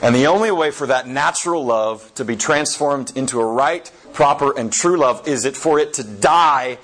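A man giving a sermon, retelling a story with many fillers and slow, emphatic phrasing. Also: mid-range voice, fairly bright tone, rough recording.

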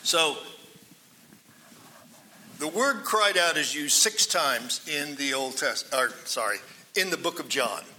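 A man preaching a Bible-teaching sermon, acting out quoted cries loudly, then dropping to hushed asides. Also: fairly high pitch, expressive, takes it slowly, long pauses, a little hiss or hum. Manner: dramatic, swings between loud quoted cries and hushed asides. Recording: long hall reverb.

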